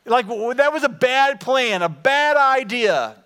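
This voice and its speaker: A man preaching a sermon in a church, animated and conversational as he speaks straight to his congregation. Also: very high voice, unhurried, clean tone. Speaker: pastor.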